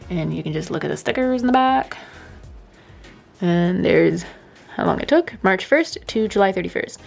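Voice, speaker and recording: A young woman in her twenties chatting casually through a sketchbook tour, rambling, self-deprecating and quick to giggle. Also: mid-range voice, creaky. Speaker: artist giving a sketchbook tour. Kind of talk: casual chat.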